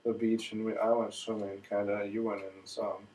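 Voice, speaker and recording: A man's voice: lowish voice, little pitch movement, fairly quick, a little mellow. A man chatting casually about a trip on a home video, rambling and correcting himself as he goes. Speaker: traveler recounting a trip. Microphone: camcorder mic. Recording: distant home camcorder audio.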